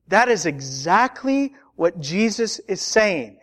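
A man's voice: sits high, lively intonation, moderate pace, hardly any pauses, fairly bright tone, clear, resonant tone. A man preaching a sermon as a pastor, earnest and building emphasis through repetition.

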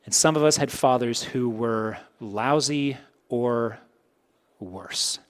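A man preaching a sermon in a conversational way, swinging between emphatic, louder points and soft, low asides. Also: slow. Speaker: pastor.

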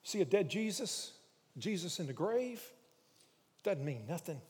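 A man preaching a sermon, moving between quiet, hushed storytelling and loud, emphatic preaching. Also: high voice, very animated, measured pace, pauses often. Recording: long hall reverb.

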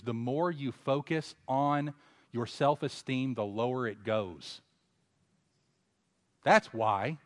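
A man preaching an expository sermon, moving between conversational asides and loud, emphatic exhortation. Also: big-room sound. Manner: builds to loud emphatic exhortation, then drops low; conversational asides and self-corrections.

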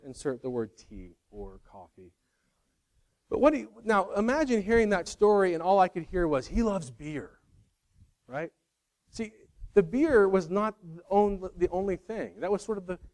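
Man, middle-aged, sermon, casual joking delivery, acts out quotes, slightly higher voice. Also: a little mellow. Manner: conversational, self-deprecating humor with acted-out quotes. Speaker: pastor.

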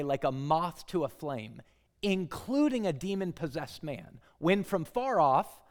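A male guest preacher, likely in his thirties or forties, giving a dramatic sermon in a church that swings from hushed lines to loud ones. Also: on the high side. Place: church sanctuary. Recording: long hall reverb.

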